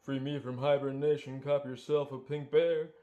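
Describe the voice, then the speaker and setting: A man's voice: mid-range voice, little pitch movement, moderate pace, dark tone, lo-fi sound, close to an everyday voice. A man voicing a cheerful sloppy pink male bear in a bouncy, sing-song rap. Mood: upbeat.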